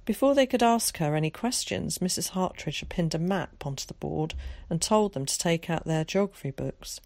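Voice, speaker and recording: A woman reading a children's story aloud in a steady, measured way, shifting into character voices for quotes. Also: on the low side, vocal fry, dry recording. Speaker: audiobook narrator. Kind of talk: storybook narration.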